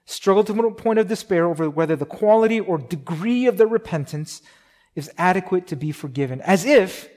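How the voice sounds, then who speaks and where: A man preaching a sermon in a conversational way, with many restarts and fillers. He gets louder for emphasis and drops soft and slow on key points. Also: high voice, animated. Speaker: pastor.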